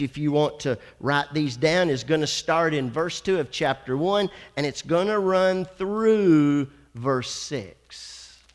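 A male pastor preaches with a high voice, stretching key words and pausing for effect. He asks his congregation for an amen now and then. His voice rings through the long reverb of a church hall. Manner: dramatic preacher, slows and drawls for emphasis, calls for amens. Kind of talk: sermon. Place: church sanctuary.

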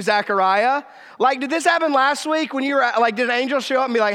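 A man's voice: fairly quick, bright, forceful tone, in a large hall. A man preaching a sermon in a conversational way, acting out the quoted lines of the people in the story. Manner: conversational preaching, acts out quoted dialogue with shifts in pitch.

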